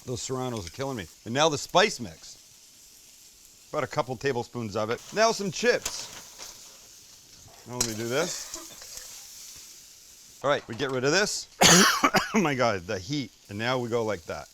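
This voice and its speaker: A man hosting a casual cooking demonstration, excitable and chatty, swearing when delighted and talking straight to the viewer. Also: mid-range voice, a little slow, long pauses, noisy background. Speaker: cooking show host.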